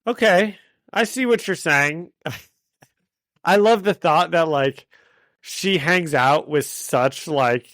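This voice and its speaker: A man's voice: fairly high pitch, slow, pauses often, a bit bright, no room sound. A man co-hosting a casual comic-book podcast, recapping the story and laughing often. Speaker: podcast co-host.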